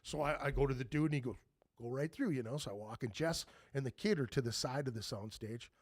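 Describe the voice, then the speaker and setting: A man's voice: medium pitch, quick pace, dry recording, clean studio sound. A man in his fifties hosting a podcast, telling rambling anecdotes in casual chat and swearing freely. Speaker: podcast host.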